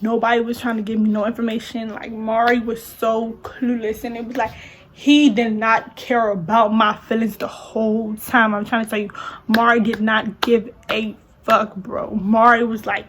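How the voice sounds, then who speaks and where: Young woman vlogger, slightly high voice, slangy casual storytime delivery, faint hiss behind. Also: normal speed. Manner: animated, talks with many "like"s and slang.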